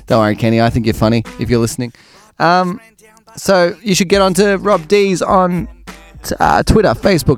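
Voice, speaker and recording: A man hosting a podcast, chatting casually with jokes, asides and lots of ums. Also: mid-range voice. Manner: jokey, rambling, full of ums and asides. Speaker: podcast host. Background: faint music, stopping near the end.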